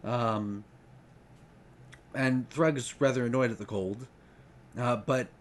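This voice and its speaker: Man recapping a fantasy novel, casual, rambling, lots of ums, mid-pitched. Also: slow. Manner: rambling, hesitant, many ums. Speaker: book reviewer. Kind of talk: casual book retrospective.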